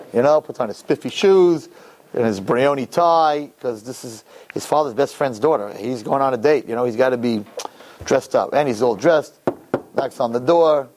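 A man, a rabbi, giving a sermon to young men through an animated, joking story. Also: mid-range voice.

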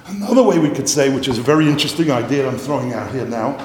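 A man giving a Talmudic lecture, animated and repetitive, mixing in Yiddish and Hebrew terms, coughing now and then. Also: mid-range voice, fairly quick. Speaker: Torah teacher. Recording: echoey hall, faint noise.

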